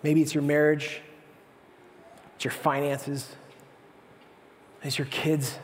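A man pastor preaching a sermon with animated storytelling, swinging between hushed and loud. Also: fairly high pitch, slow, in a large hall, slight background noise.

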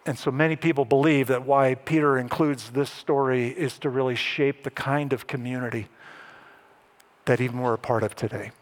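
Animated male pastor preaching. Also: medium pitch, moderate pace. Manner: animated preaching, voice rising to act out quoted speech. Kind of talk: sermon.

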